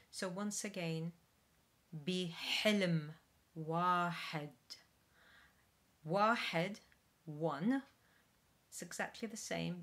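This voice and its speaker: A woman from Wales, a soprano, giving a spoken pronunciation lesson, demonstrating sounds slowly and carefully. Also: lowish voice. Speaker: singing pronunciation teacher.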